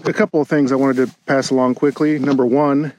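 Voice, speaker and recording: A man, a podcast co-host, giving a relaxed, chatty field update from outdoors with birds around. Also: medium pitch, a little fast, low-quality recording. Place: outdoors on a prairie. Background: birds and light outdoor noise.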